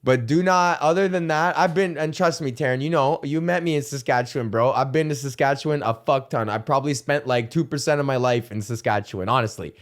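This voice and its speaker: A man's voice: medium pitch, a little fast, hardly any pauses. A young man hosting a comedy podcast, ranting in a casual, rambling way, swearing and laughing often. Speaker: podcast host.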